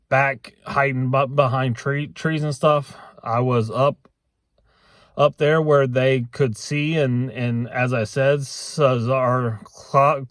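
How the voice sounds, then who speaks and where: A middle-aged man talking casually to camera in a vlog, halting with frequent restarts and fillers. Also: medium pitch, dry recording, clean studio sound. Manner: halting, many restarts and ums. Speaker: vlogger.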